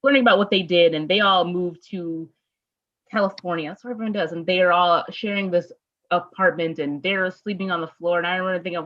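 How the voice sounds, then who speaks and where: A woman's voice: on the low side, a little fast, lo-fi sound. A woman hosting a casual interview, chatty and laughing easily with plenty of fillers. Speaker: interview host. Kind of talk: casual chat.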